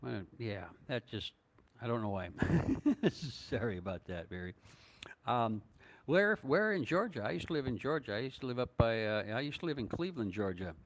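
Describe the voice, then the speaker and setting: A man's voice: mid-range voice, expressive, moderate pace. An older man from northern Minnesota answering viewers' questions in a casual live stream, rambling and hesitant with many fillers and chuckles. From northern Minnesota, USA. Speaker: vlogger answering live chat.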